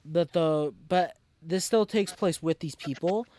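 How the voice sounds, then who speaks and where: A man's voice: a little high, a little slow, mellow, no room sound. A man co-hosting a casual podcast, recapping an episode with many fillers and restarts. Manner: rambling, lots of fillers and restarts. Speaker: podcast co-host.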